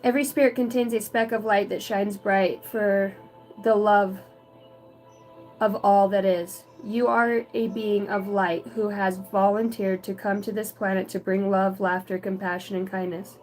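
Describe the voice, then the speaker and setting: A woman's voice: medium pitch, fairly even intonation, measured pace, darkish tone, soft background music, rough recording. Earnest woman doing a psychic card reading. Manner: reads card text aloud, then breaks into casual, swearing asides; emotional, earnest. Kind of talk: intuitive oracle card reading.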